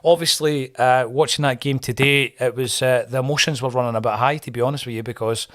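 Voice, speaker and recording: Friendly podcast host, dry sound. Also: male voice, medium pitch, steady tone, fairly bright tone, dry recording. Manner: brisk and friendly, handing over the show. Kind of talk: casual podcast chat.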